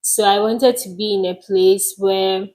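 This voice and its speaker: Ghanaian woman, casual podcast co-host, slow and easygoing delivery, lots of ums. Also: medium pitch, poor audio. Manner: relaxed, unhurried, with frequent ums. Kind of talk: casual chat.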